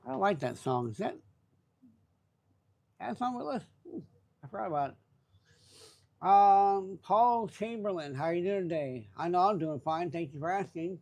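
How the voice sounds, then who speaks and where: A man hosting a live stream in casual chat, greeting viewers by name in a relaxed, chatty way. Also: sits high, moderate pace, long pauses. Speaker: livestream host.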